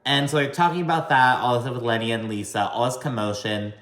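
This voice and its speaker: A man's voice: medium pitch, fairly even intonation, quick pace, fairly bright tone. A man recapping a reality TV episode for his channel in a chatty, profane way, with many "like" fillers. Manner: chatty, profane, heavy use of "like". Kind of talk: casual recap commentary. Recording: roomy room echo.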